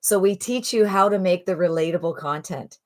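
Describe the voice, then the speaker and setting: 60-something woman pitching online marketing, rambly and chatty, lowish voice. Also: normal speed, darkish tone. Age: 60s. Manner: rambling and chatty, lots of fillers and restarts. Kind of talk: casual sales pitch to camera.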